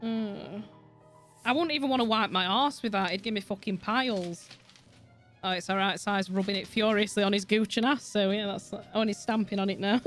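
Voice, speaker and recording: A woman's voice: mid-range voice, fairly even intonation, brisk, faint music behind. A woman with a Yorkshire accent chatting casually on a game stream, swearing freely and laughing a lot. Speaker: streamer with a virtual avatar. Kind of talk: casual gaming stream chat.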